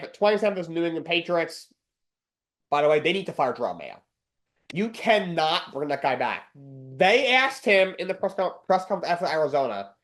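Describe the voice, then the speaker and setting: Host type: man with a slightly higher voice, blunt, rants, repeats points for emphasis. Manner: blunt, ranting, repeats himself. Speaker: sports podcast host. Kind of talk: opinionated solo sports talk.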